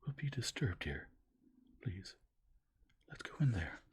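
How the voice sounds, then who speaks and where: A man's voice: lowish voice, very animated, slow, slightly rough, voice pushed up, full character voice. A man voicing a distressed noblewoman in a whispered role-play, urgent and imploring. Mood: pleading. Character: distressed pleading noblewoman, Dolly.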